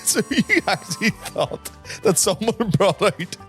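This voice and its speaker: A man's voice: high voice, big pitch swings, unhurried, faint music behind. A man with a Northern Irish accent co-hosting a podcast, telling stories in casual chat and laughing often. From Ireland. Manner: chatty storyteller, laughs often, says "wee". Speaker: podcast co-host.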